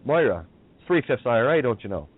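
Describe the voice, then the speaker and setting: A man's voice: medium pitch, sing-song, brisk, breathy edge. A man from Ireland, hosting a radio show in a profane, combative rant. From Northern Ireland. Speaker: radio host. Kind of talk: ranting talk radio. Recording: tinny phone-line audio, dry.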